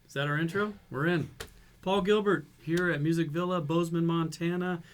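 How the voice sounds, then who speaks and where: A man's voice: fairly high pitch, steady tone, brisk, a little hiss or hum. A man hosting an interview in a music store studio, upbeat and enthusiastic, with lots of fillers. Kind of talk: casual interview chat.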